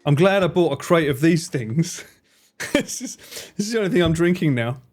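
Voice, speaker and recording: An excitable man talks over his game as a streamer, his pitch leaping up and down as he swears and laughs at what happens on screen. Faint music sits underneath his voice. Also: moderate pace. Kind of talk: casual gameplay commentary.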